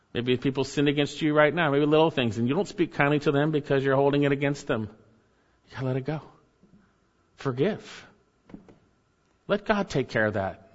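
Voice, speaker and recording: A man preaching a sermon as pastor, earnest, with rising emphasis and asides to the congregation. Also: medium pitch. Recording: dull, hall reverb.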